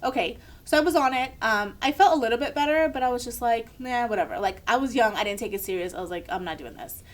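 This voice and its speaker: A woman's voice: a little high, quick pace. A young woman, a podcast co-host, telling a candid personal story in casual chat and acting out the people she quotes.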